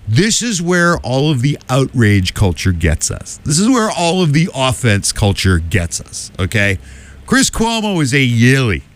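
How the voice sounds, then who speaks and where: A man's voice: mid-range voice, fairly bright tone. A man hosting a radio talk show, delivering a combative opinion monologue with emphatic asides. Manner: combative, emphatic, keeps asking "okay?".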